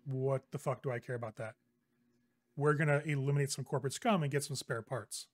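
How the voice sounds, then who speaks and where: A man's voice: mid-range voice, steady tone, a little fast, no echo, clean studio sound, natural voice. A man voicing a polite but condescending male vampire gang leader in a tabletop game, courtly and coolly dismissive.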